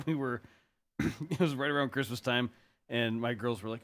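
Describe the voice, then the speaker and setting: A man's voice: mid-range voice, normal speed. A man co-hosting a podcast, easygoing and laughing often as he tells stories in casual chat. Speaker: podcast co-host.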